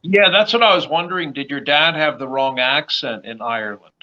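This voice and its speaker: A podcast host with a Northern US accent, chatty and animated as he tells a story. His voice sits a little high and sounds bright. The recording has a dull, lo-fi quality. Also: fairly quick. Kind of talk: casual interview chat.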